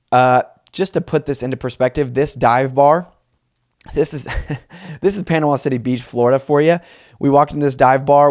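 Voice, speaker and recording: A young man in his twenties hosts his own comedy podcast and tells a story from his life. He rambles, mocks himself and wanders into asides. His voice sits at an ordinary pitch, recorded close on a dry mic. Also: no echo. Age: 20s. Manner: rambling, self-mocking and animated. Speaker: podcast host.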